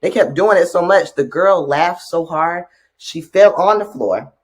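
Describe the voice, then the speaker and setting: A man who works as a teacher, co-hosting a podcast and telling stories from class in casual chat, animated and often trailing off quietly. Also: high voice, unhurried, husky.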